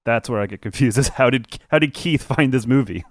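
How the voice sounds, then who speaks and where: A man's voice: mid-range voice, a little fast, no echo, clean studio sound. A man co-hosting a casual film podcast, thinking aloud with hesitations. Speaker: podcast co-host. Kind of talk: casual film review chat.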